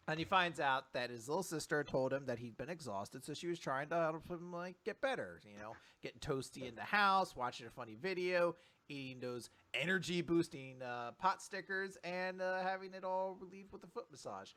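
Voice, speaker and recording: A man co-hosting a podcast, recapping comics in casual chat, laughing often and acting out the characters. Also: a little high. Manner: animated, laughs often, acts out characters in quick voices. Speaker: podcast co-host.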